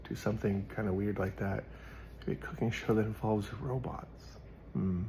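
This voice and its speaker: A man's voice: on the low side, steady tone, moderate pace, warm tone, a little hiss or hum. A man hosting his own show, chatting casually about a Bible verse and rambling as he thinks aloud. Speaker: host. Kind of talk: casual scripture commentary.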